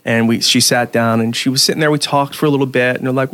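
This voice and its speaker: A man's voice: medium pitch, steady tone, quick pace, a bit bright, no room sound. A man who is a podcast guest, telling stories in a rambling casual chat full of restarts. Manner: rambling, many restarts and fillers.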